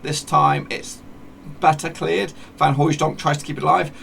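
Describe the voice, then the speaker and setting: Gravelly man rambling over a game. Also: on the high side, steady tone, normal speed, fairly bright tone, a little hiss or hum. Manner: rambling, self-correcting chatter with mock match commentary. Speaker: gaming YouTuber. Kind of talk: casual game commentary.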